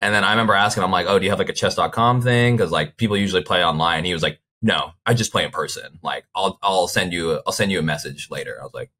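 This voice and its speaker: A young man with a low, bright voice chats as a guest on a sports talk show. He rambles through stories, leaning on "like" as he goes. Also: fast talker, hardly any pauses. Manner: rambling storyteller, frequent "like" fillers. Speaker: baseball player guest. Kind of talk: casual interview chat.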